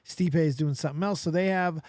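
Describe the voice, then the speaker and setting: A man hosting a live stream, chatting casually and excitably as he reacts to clips. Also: fairly high pitch, brisk, no echo, clean studio sound. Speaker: streamer and podcast host.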